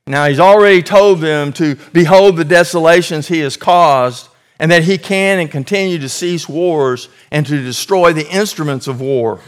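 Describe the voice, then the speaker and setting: A man delivers a sermon with earnest emphasis, stretching key phrases and lifting his volume to drive points home. His voice sits fairly high for a man. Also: moderate pace, hardly any pauses. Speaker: preacher.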